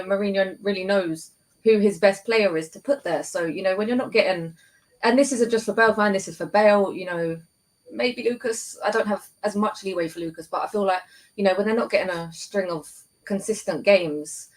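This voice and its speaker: A woman's voice: medium pitch, moderate pace, rough recording. A woman hosting a casual football chat on a stream, talking in a chatty way with many fillers. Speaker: host.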